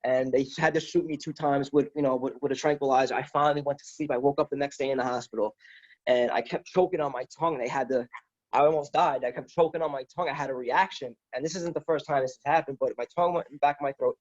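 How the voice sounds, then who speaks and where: A man's voice: medium pitch, steady tone, quick pace. Man telling a rambling story. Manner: rambling, repeats words and restarts; quotes others with "he's like". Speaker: guest. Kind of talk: casual storytelling. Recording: dull lo-fi sound.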